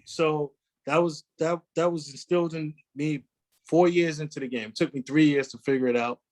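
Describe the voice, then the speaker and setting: A man in his forties, a comedian telling animated stories in a casual interview and slipping into quoted voices. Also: on the high side, moderate pace. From New York. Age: 40s. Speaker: guest comedian.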